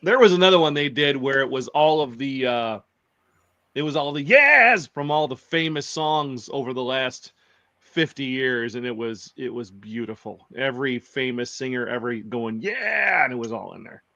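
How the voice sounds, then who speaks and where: A man's voice: medium pitch, moderate pace, pushed and bright, dry recording, highs cut off. A man from the American Midwest, co-hosting a stream from his home office and telling jokey stories in a chatty way. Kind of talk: casual chat on a live stream.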